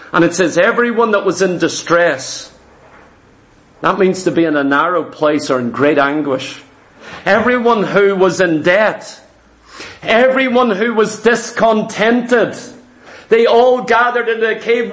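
A man with a very high voice delivers a sermon with emphatic, repetitive phrasing. His words ring out in an echoey room. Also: a little slow. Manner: emphatic, repetitive preaching, rising to shouts. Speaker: preacher.

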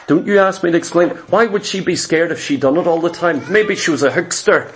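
A man's voice: on the high side, fairly quick, slight background noise. A male pastor preaching a sermon, telling a scripture story emphatically and acting out the characters' lines. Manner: emphatic and exhortative.

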